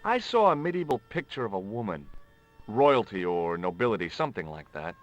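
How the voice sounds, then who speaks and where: A man's voice: fairly low pitch, very animated, fairly quick, lo-fi sound. An actor playing a curious, polite adult male adventurer in video game dialogue.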